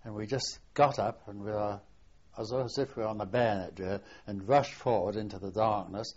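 An older man, a war veteran, reminiscing in an oral history interview, halting and often trailing off softly. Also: lowish voice, fairly even intonation. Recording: dull lo-fi archival tape.

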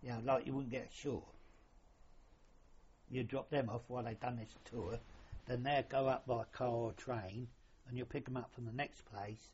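A man's voice: mid-range voice, steady tone, normal speed, darkish tone, slightly rough. An older man, reminiscing casually about his years as a sailor, in a rambling, colloquial way with mild swearing. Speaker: interviewee, former royal yacht sailor. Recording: lo-fi dull recording.

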